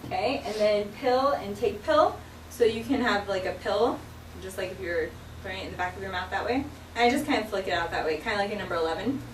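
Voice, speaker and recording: A woman's voice: mid-range voice, fast, a little hiss or hum. A woman teaching a sign language vocabulary lesson in a classroom, explaining each sign patiently, step by step, with many fillers. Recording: echoey classroom from far off.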